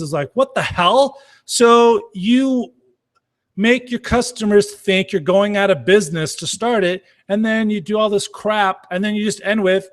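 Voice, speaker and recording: A man's voice: sits high, unhurried. A middle-aged man giving a blunt, casual Q&A talk as a marketing coach, swearing freely. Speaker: marketing coach answering questions.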